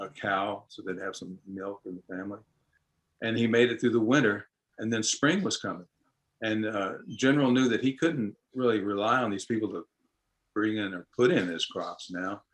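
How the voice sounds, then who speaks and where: Man, fairly low voice, storyteller, interview, unhurried, folksy manner. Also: rough recording. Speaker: storyteller and musician.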